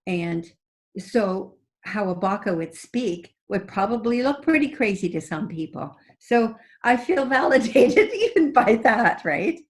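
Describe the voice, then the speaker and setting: An older woman, a guest psychic on an interview show, telling personal stories in an expressive way and often laughing. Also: mid-range voice, measured pace. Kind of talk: animated storytelling in conversation.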